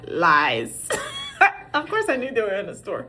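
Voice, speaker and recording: A middle-aged woman telling a funny parenting story in a casual, animated way. She acts out the dialogue and pokes fun at herself. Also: mid-range voice, measured pace. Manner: animated, acts out quoted dialogue, self-mocking. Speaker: parent sharing dating advice.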